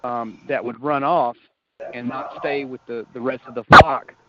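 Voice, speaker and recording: A man on a group call telling a story in an unhurried, halting way. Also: medium pitch, steady tone, highs cut off, noisy background. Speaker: community call participant. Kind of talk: casual group call chat.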